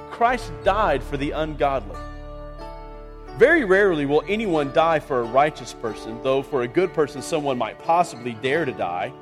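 A man preaching a sermon as pastor, earnest and rising to impassioned reading of scripture. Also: on the high side.

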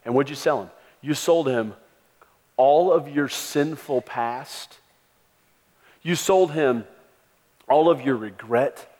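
A man's voice: mid-range voice, slow, long pauses, a little mellow. A man preaching a sermon as a pastor, emphatic and rising in volume when he stresses a point. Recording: long hall reverb.

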